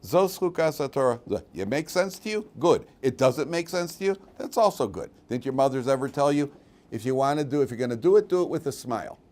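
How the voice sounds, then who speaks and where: Animated rabbi teaching a class. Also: male voice, medium pitch, fairly quick. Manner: conversational, humorous, animated with frequent restarts. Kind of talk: lively Torah class with anecdotes.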